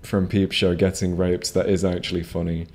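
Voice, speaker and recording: A low, darkish male voice delivers flat, moderately paced gameplay commentary from a home microphone. It's a rambling stream packed with swearing and restarts.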